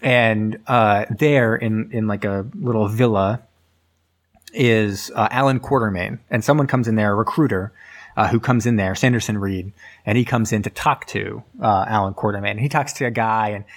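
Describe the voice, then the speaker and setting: A man's voice: lowish voice, normal speed. A man casually retelling a film's plot in a rambling, filler-heavy way, as a podcast host. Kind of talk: casual movie recap.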